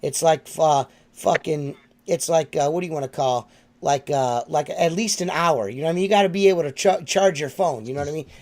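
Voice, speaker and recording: A man's voice: a little high, fairly quick, a little mellow. A man hosting a podcast, telling stories in casual chat, swearing and laughing often. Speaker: podcast host.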